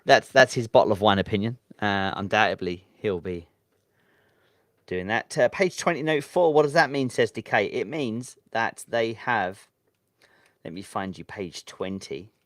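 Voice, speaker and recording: A man's voice: fairly low pitch, expressive, unhurried, no echo, clean studio sound. A man hosting a late-night livestream, reading viewer chat and thinking aloud in a hesitant, rambling way with lots of ums. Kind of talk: casual live-stream chat. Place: home at midnight.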